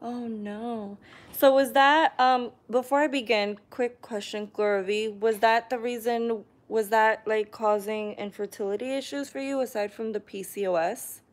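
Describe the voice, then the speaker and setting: A woman casually chatting on a live stream, reading viewer comments aloud and often clearing her throat. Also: on the high side, steady tone, a little slow. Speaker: vlogger hosting a live stream.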